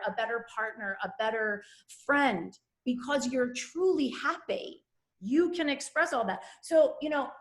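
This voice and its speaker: A middle-aged woman telling a candid personal story with animated energy, acting out the voices of people she quotes. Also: fairly high pitch, echoey room.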